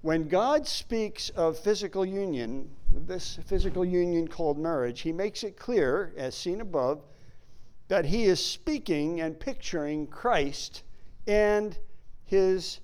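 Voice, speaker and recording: A man teaching a sermon who reads scripture aloud and slows down to stress key words. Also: sits high, a little mellow, smooth. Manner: reads King James verses aloud. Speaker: Bible teacher.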